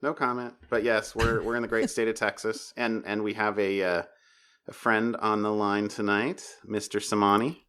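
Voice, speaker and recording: A man's voice: on the low side, level tone, normal speed, a bit bright, smooth. A man hosting a podcast, chatting casually, laughing often and rambling a bit. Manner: laughing, rambling, self-deprecating. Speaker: podcast host.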